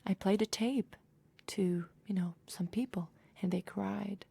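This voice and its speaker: A woman voicing a soft-spoken male musician in a breathy whisper. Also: high-pitched, a little slow, full character voice. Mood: hushed.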